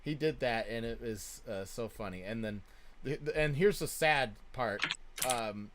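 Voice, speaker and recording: A man in his thirties, telling a story in casual chat, with frequent swearing and loud bursts of laughter. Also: medium pitch, unhurried. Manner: swears a lot and laughs loudly. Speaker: streamer.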